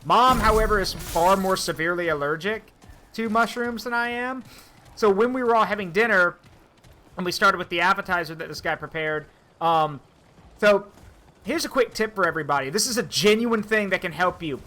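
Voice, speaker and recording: Bright, high-voiced male streamer. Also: normal speed. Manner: animated storytelling with swearing and asides. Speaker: streamer and host. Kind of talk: casual chat while streaming a game.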